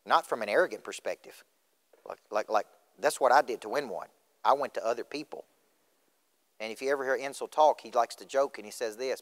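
In a reverberant school auditorium, a middle-aged motivational speaker from Tennessee fires questions at his listeners. His mid-range voice has a fairly bright tone and moves at a fairly quick clip.

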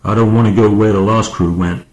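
A man voicing a weary, sardonic rescue crewman in an audiobook, gruff and blunt. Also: lowish voice, steady tone, a little fast, lightly acted, low-quality recording.

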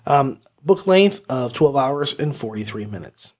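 A man's voice: mid-range voice, expressive, a little slow, a little mellow. A man hosting an audiobook review podcast, talking casually in a rambling, goofy way. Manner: rambling, goofy, with hummed pretend music. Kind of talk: casual chat.

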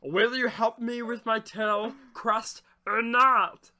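A man's voice: extremely high pitch, steady tone, sharp tone, pitched above the performer's own voice, exaggerated voice. A man doing a gurgly talking salamander. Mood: mock solemn. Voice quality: gurgly fishy tone. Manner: solemn, slow storybook phrasing broken by giggles. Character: talking male salamander seeking his lost tail.

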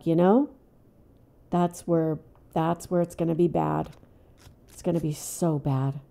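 An older woman hosting a gaming channel, talking herself through a tense game in casual commentary, dropping to hushed whispers and then bursting out loud. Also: lowish voice, gravelly. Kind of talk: casual let's-play commentary.

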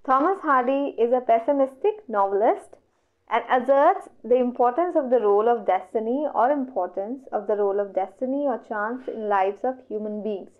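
Animated and fairly high-pitched, a woman with an Indian English accent speaks at normal speed during an online exam revision lecture. She works through questions one step at a time, raising questions to herself before answering them. The sound is dull and lo-fi.

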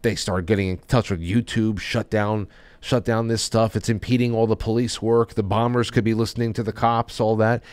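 A man's voice: lowish voice, little pitch movement, moderate pace, darkish tone, clear, resonant tone, no echo. A man hosting a podcast, talking in a loose, rambling way with many restarts. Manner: rambling, with frequent restarts and trailing off. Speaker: podcast host. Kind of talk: casual chat.

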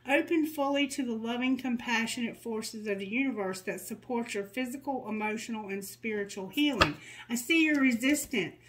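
A woman's voice: on the high side, normal speed, heavy background noise. A woman giving a tarot reading, reading card messages aloud in a soothing, guiding way, with candid, joking asides. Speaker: tarot reader.

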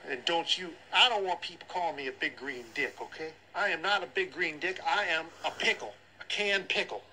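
A man's voice: fairly high pitch, fairly quick, sharp tone, a little hiss or hum, poor audio. A man playing a pompous, self-important joke presidential candidate in a comedy phone message. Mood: boastful.

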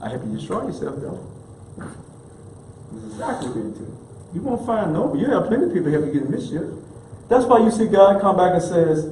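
A man's voice: high voice, big pitch swings, fairly quick, dark tone. A man preaching a sermon as minister, emphatic and colloquial, repeating key phrases for effect. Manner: casual colloquial delivery. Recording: echoey room with faint background noise.

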